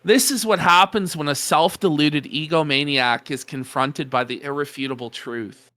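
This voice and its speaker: A woman's voice: deep voice, moderate pace, fairly bright tone. A woman co-hosting a livestream, talking in a mocking, scornful and emphatic way. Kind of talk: heated commentary on a livestream.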